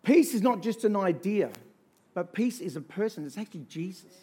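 A man delivering a sermon in a fairly high voice. He swings between hushed, intimate storytelling and loud, rousing calls to the congregation, with emphatic, repeated phrases. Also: animated, moderate pace, husky. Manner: emphatic, repetitive lists. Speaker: pastor.

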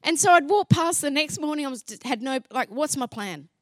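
A high-voiced woman tells her faith story with lots of life, acting out each line of dialogue and breaking into laughs. The sound is dry and close, with no room echo. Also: a little fast. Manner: lively, acts out dialogue, laughs often. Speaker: speaker sharing a faith testimony. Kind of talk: animated storytelling testimony.

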